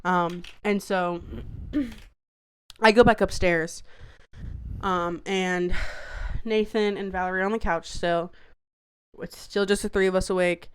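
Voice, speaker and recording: A woman's voice: on the low side, steady tone, slow, long pauses, clear, resonant tone. A woman podcast co-host telling a story in casual, rambling chat, swearing freely and saying "like" often. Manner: rambling, profane, full of "like".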